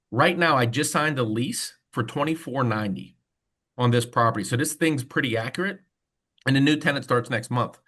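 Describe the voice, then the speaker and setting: A man's voice: mid-range voice, fairly bright tone. Casual-talking mortgage man on a video call. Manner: casual storytelling, conversational fillers. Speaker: mortgage loan officer. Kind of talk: webinar presentation.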